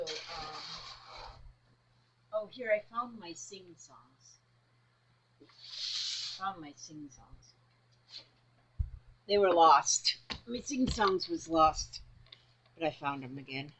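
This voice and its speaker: Slow, rambling woman crafter. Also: fairly low pitch, lively intonation, background noise. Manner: chatty, rambling, talks to herself about her fabric. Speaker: crafting vlogger. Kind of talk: casual crafting vlog.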